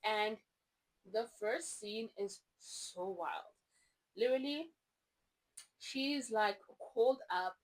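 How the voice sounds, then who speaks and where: A woman's voice: on the high side, slow pace, pauses often, low-quality recording. A woman from South Africa with a South African accent, chatting casually and gushing through a book review with lots of rambling asides. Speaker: book vlogger.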